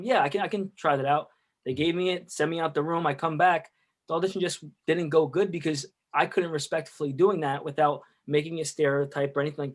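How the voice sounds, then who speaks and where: A young adult man, an actor guest on a podcast, talking hesitantly with many fillers. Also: fairly high pitch. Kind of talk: casual interview.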